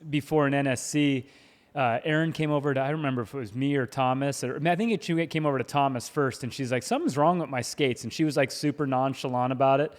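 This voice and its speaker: A middle-aged man co-hosting a podcast in casual chat, animated, laughing often and stumbling over his first words. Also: mid-range voice, quick pace. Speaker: podcast co-host. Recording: long hall reverb.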